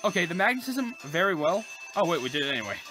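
Excitable woman gaming commentator. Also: fairly low pitch, fast, over music. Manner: chatty, excitable, gushing over cute details. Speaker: gaming channel host. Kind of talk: casual let's-play commentary.

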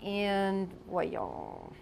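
A woman's voice: on the low side, wildly swooping pitch, extremely slow, creaky, a little mellow, a little hiss or hum. A woman casually reminiscing about her past while showing photos, chatty with many asides. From United States. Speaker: storyteller.

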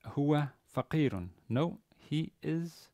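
A man giving a university grammar lecture, pausing often with fillers and restarting his sentences. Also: a little high, animated, mellow, dry recording, clean studio sound. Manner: hesitant, many fillers and restarts. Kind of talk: classroom lecture. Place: university classroom.

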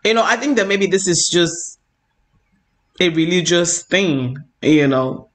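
Guy with a high voice telling his faith story, earnest, keeps saying you know. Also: fairly bright tone. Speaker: online preacher. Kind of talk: personal testimony.

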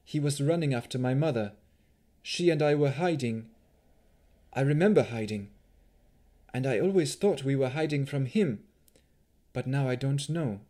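A man's voice: medium pitch, animated, normal speed, long pauses, dark tone, pitched above the performer's own voice, close to an everyday voice. A man voicing a young woman haunted by dreams, speaking in a troubled, uncertain way.

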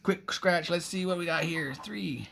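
A man's voice: on the high side, measured pace, creaky, pushed and bright. A middle-aged man from Canada doing a casual scratch-off ticket vlog, chatting to viewers and exclaiming often. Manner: frequent exclamations, talks to viewers as guys. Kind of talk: excited casual vlog commentary.

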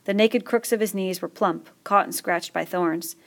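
Reading from a novel, a female audiobook narrator delivers scripted text in a calm, even rhythm. Her voice sits on the lower side.

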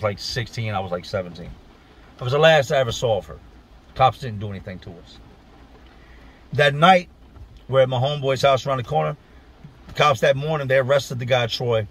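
A man from Virginia telling a personal story on his vlog in a blunt, emphatic, profane way. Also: mid-range voice.

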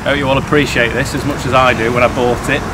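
A man's voice: mid-range voice, fairly even intonation, fast, heavy background noise. A man hosting a casual travel vlog outdoors, talking in a joking, cheeky banter. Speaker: vlog host. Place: outdoors, riding a bike through town. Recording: background music under the voice.

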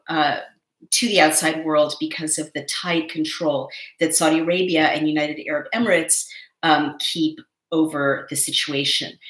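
A woman talks through a political topic in an earnest, emphatic way, often restarting her sentences around fillers. Her voice sits a little low but has a bright, forceful edge. The recording carries a noticeable room echo. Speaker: political commentator. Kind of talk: solo political commentary.

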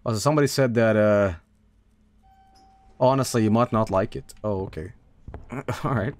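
A man streaming a game casually, rattling off game blurbs quickly and breaking into goofy high squeals. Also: a little mellow, no echo. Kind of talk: casual live-stream commentary.

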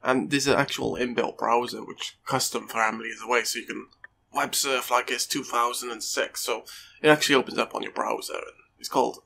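A man's voice: medium pitch, steady tone, fairly quick, creaky, sharp tone, slight background noise. A man giving let's play commentary over a game, swearing often and joking at his own expense. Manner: sweary, joking, self-mocking. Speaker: gaming YouTuber.

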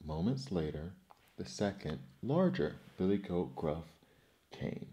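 A man reading folktales aloud as a soft, soothing ASMR bedtime story. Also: deep voice, expressive, takes it slowly.

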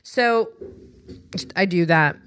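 A woman co-hosting a podcast, telling a story in a casual, animated, wry way and acting out both sides of conversations. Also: lowish voice, very slow, clean tone. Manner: exasperated, wry. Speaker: podcast co-host.

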